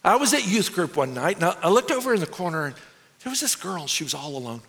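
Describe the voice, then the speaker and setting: A man performing a theatrical stage monologue, expressive and animated, with nervous, self-mocking laughs. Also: sits high, fast, gravelly. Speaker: stage storyteller. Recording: long hall reverb.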